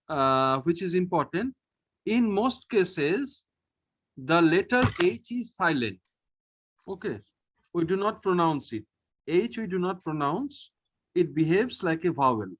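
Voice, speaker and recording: A man teaching a French lesson online, slowly and patiently, repeating each sound and often checking in with "okay". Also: high voice, expressive, a bit bright.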